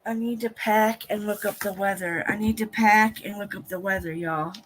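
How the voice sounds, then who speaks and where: Speaking at normal speed in a steady, medium-pitched, fairly bright voice, a woman hosts a casual livestream reaction to a court broadcast. She talks bluntly to her chat, indignant and venting, with frequent profanity.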